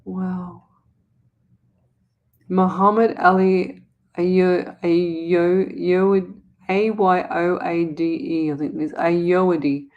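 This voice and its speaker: A woman's voice: on the low side, fairly even intonation, extremely slow, highs cut off. A middle-aged Australian woman hosting a live psychic reading, chatty and rambling, often repeating herself. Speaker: psychic medium host.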